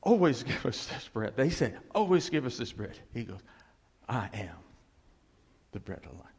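A man preaching a sermon as a pastor, animated and laughing often, dropping to a hush on key phrases. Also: mid-range voice, moderate pace, slightly rough. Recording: long hall reverb.

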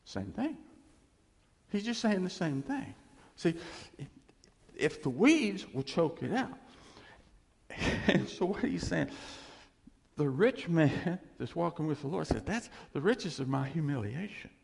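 A man's voice: fairly high pitch, very animated, slow, vocal fry, pauses often. A man preaching a conversational, emphatic sermon, acting out quoted voices. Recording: reverberant hall.

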